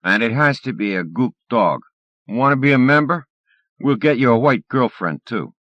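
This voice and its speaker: A man's voice: medium pitch, lively intonation, moderate pace, dry recording, dull audio, voice pushed up, lightly acted. A man voicing a swaggering teenage bully boy who taunts in a crude, jeering way.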